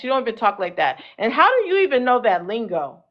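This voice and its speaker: A woman's voice: a little high, very animated, a little fast, dull audio. A woman hosting a live talk show panel who keeps cutting in and firmly tells others to hold on. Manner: bossy, cuts in, hold on repeatedly.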